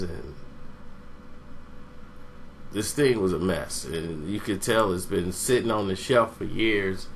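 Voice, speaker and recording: A man giving a casual, rambling movie review, meandering and pausing to search for names. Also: lowish voice, fairly bright tone, a little hiss or hum.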